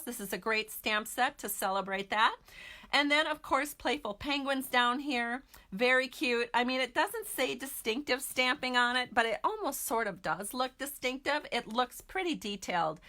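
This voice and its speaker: A woman's voice: a little high, pushed and bright. A middle-aged woman from Minnesota hosting a casual craft product walkthrough, chatty and gushing, with frequent fillers. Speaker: host.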